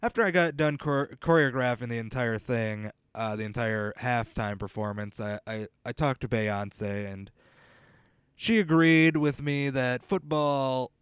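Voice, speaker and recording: A man's voice: medium pitch, a little slow, smooth, no room sound. Rambling, bumbling young man podcaster. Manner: rambling, bumbling, self-deprecating, swearing. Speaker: comedy podcast host. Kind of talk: improvised mock field reporting.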